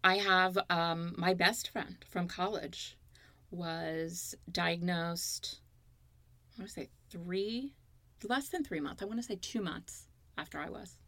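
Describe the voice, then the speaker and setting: A woman in her fifties speaks as an interview guest, her low voice carrying a gravelly edge. She tells her story earnestly and openly, close to a dry-sounding mic. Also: slow, a bit bright, dry recording. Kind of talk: candid interview conversation.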